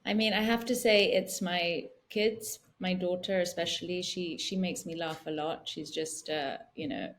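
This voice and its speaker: Soft-spoken reflective woman in her forties. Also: on the low side, steady tone, normal speed, hardly any pauses. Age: 40s. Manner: reflective, soft-spoken, many "you know" fillers. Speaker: guest, founder. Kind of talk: casual interview talk.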